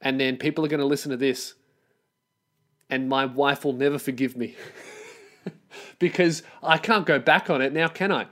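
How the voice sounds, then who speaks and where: A man's voice: mid-range voice, normal speed, long pauses, fairly bright tone. A man, hosting a solo podcast and ranting in a profane, exasperated, sarcastic way. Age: 20s. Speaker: podcast host.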